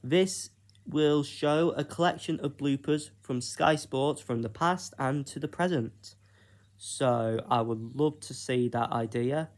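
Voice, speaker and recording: Slow-talking British man pitching ideas. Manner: unhurried, hesitant, with frequent fillers. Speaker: YouTuber. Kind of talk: casual solo vlog pitching ideas.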